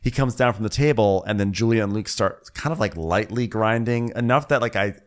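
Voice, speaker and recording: A man co-hosting a comedic reality TV recap, dry and wry, slipping into high mocking voices to quote people. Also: fairly quick. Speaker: podcast co-host.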